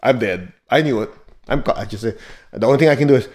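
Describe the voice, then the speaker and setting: A man's voice: fairly low pitch, animated, fast, darkish tone. A man giving a motivational teaching talk as a spiritual teacher, blunt and emphatic, joking and laughing as he drives points home.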